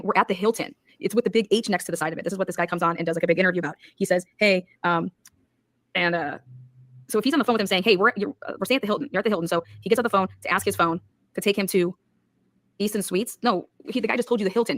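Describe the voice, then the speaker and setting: A woman's voice: mid-range voice, dry recording. A woman hosting a casual true-crime talk, blunt, profane and incredulous. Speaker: podcast host.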